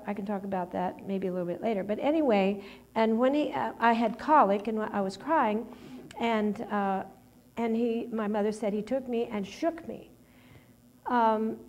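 A woman's voice: on the high side, a little mellow. A middle-aged woman preaching a personal testimony sermon, talking in a conversational, rambling way with many restarts and fillers.

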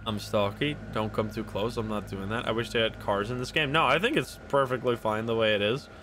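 A man's voice: on the low side, a little fast, a bit bright, a little hiss or hum. A man streaming himself playing a video game, narrating his moves with swearing, laughs and sudden outbursts. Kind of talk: casual gameplay commentary.

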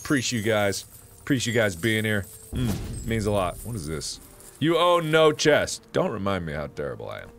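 A man streaming a game live, joking and yelling at enemies, then dropping to low mutters. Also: normal speed, soft background music. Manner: excitable, jokey, yells at enemies then mutters.

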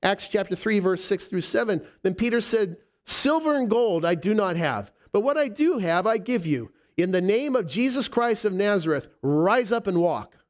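Pastor with a lisp, preaching emotionally. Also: male voice, high-pitched, animated. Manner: emotional, halting with repeated restarts, swinging from soft to emphatic. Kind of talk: sermon.

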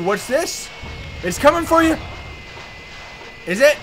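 Loud excitable male gamer, high bright voice. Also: takes it slowly, a little hiss or hum. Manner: loud, excitable, yelling at enemies. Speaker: let's play gamer. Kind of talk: excited gameplay commentary.

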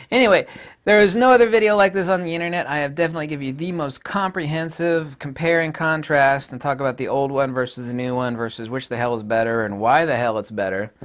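A middle-aged man reviewing camera lenses in a blunt, rambling, casual way, swearing offhand and laughing at his own jokes. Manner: animated, pitch swings widely.

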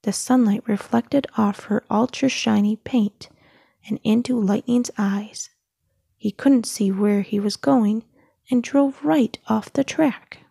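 A woman reads a children's story aloud in a soft, often whispered voice. Her tone is mellow and husky, and she reads slowly. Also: fairly high pitch, steady tone, no room sound, studio quality. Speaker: storybook reader.

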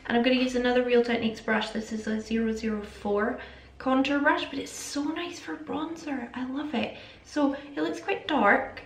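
A woman's voice: high voice, steady tone, moderate pace. A woman chatting casually through a makeup tutorial, rambling and self-aware. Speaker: beauty vlogger. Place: home makeup setup. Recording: echoey room with faint music.

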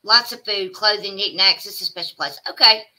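Speaking at a normal speed in a medium-pitched, bright, forceful voice, a woman with a Southern American accent reads comments aloud to her livestream viewers. It's casual chat, and she's talkative, exclaiming, and drawling asides to the chat.

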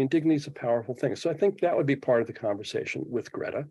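A man's voice: mid-range voice, expressive, rapid-fire, warm tone, slightly rough, no echo. A man in his seventies, a podcast guest speaking reflectively in an interview and thinking aloud with frequent restarts. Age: 70s. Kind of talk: interview conversation.

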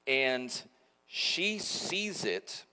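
A man's voice: mid-range voice, sing-song, very slow, pushed and bright. Pastor in his forties, man, chatty sermon delivery, long church reverb. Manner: conversational, self-mocking storytelling. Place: church auditorium. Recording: echoey church hall.

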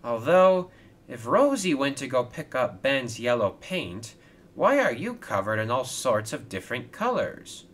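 A man's voice: mid-range voice, big pitch swings, a little slow, fairly bright tone, pitched above the performer's own voice. A man voicing a stern, hardworking male crane boss in a toy train storybook video, firm and exasperated. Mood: calm.

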